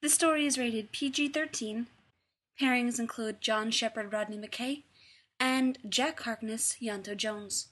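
A woman with a fairly high voice narrates a story aloud in an expressive, read-aloud style. Her tone shifts freely as she moves between characters. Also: a little slow. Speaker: reader. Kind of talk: scripted narration of fan fiction.

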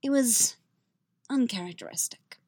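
A woman's voice: fairly high pitch, expressive, unhurried, darkish tone, husky, dry recording, voice pushed up. Cool, prim sorceress with dry wit, voiced lightly by a woman narrator. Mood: dry teasing.

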